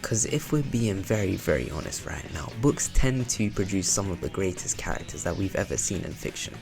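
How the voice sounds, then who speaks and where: A man's voice: sits low, very animated, a little fast, vocal fry. A young man giving casual, reflective analytical commentary on a video game series. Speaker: video essayist. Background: background music.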